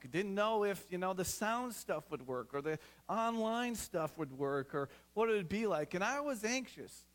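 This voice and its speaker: High, bright-voiced pastor preaching. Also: male voice. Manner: conversational, checks in with the congregation; earnest, builds to emphatic exhortation. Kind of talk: sermon.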